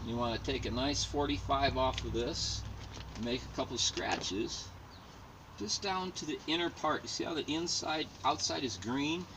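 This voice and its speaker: Man, mid pitch, talking off-mic outdoors, jokey home-garden demo with self-mocking asides, noisy backdrop. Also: normal speed, distant mic. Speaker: home gardener demonstrating plant cloning. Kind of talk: casual how-to demonstration.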